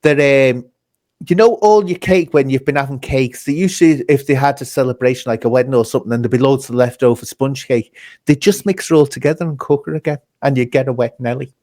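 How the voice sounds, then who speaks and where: A man's voice: mid-range voice, quick pace, darkish tone. A man hosting a casual interview, chatty and teasing, laughing as he talks. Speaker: host.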